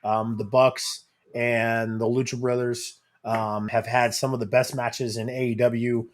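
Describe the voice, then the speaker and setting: Halting man in casual podcast chat. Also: medium pitch, level tone. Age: adult. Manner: halting, many fillers and restarts. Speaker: podcast co-host.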